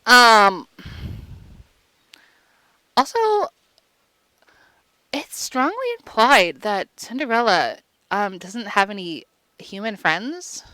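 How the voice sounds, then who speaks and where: Woman vlogger, crude rambling comic recap, bright and clear. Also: mid-range voice, slow, pauses often, no echo. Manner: crude, rambling, lots of fillers. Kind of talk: casual comedic movie recap.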